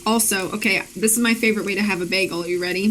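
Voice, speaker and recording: A woman's voice: medium pitch, fairly even intonation, very fast, fairly bright tone, slight background noise, poor audio. A woman co-hosting a gaming stream, chatting in a giggly, rambling way and explaining the game. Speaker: co-host guiding the game. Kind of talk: casual gaming chat.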